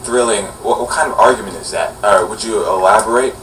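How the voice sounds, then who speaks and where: A man's voice: lowish voice, fairly quick, fairly bright tone. A man in his twenties hosting a casual vlog, chatty and rambling with many fillers. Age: 20s. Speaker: vlogger host. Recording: distant camera mic with faint hum.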